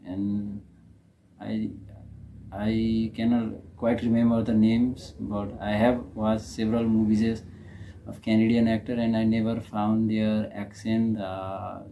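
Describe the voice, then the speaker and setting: Young Nepali-accented male reactor, unhurried and hesitant, slightly low voice, faint room hiss. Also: level tone, dark tone, lo-fi sound. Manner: hesitant, many fillers and restarts. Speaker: reaction video host. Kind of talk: casual commentary.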